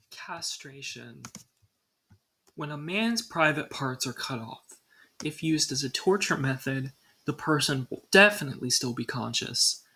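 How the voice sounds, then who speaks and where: A young woman reads a scripted countdown in a husky, breathy voice that still sounds bright and forward. She keeps the tone casual and drops in dry little asides between entries. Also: a bass voice, poor audio. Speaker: video creator. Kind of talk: scripted ranking narration.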